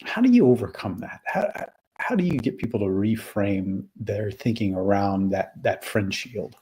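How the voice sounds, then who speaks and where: A man's voice: lowish voice, animated, moderate pace, dark tone, slightly rough. A man hosting a conversational interview, talking casually and hesitantly with fillers. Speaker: host.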